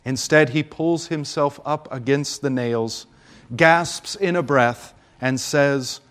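A man preaching a Good Friday homily with solemn, deliberate delivery and dramatic pauses. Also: mid-range voice, a bit bright.

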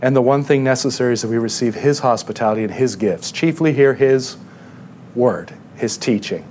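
A man's voice: mid-range voice, moderate pace, darkish tone, slight background noise. A male pastor giving a sermon in a conversational way, often checking in with the congregation with questions.

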